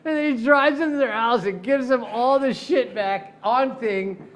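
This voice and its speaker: A man's voice: very high voice, unhurried, slight background noise. Middle-aged guy telling a wild court story, swears a lot, keeps laughing. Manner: profane, laughing, animated storyteller. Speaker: defense attorney. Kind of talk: casual storytelling chat.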